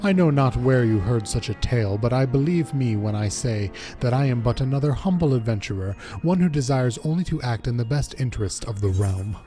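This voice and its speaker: A formal, guarded merchant, read aloud by a man in a measured, slightly stilted manner, explaining things carefully. The voice is mellow and warm at a middle pitch, with faint music behind it. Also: lively intonation, close to an everyday voice. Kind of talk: reading game dialogue aloud on stream.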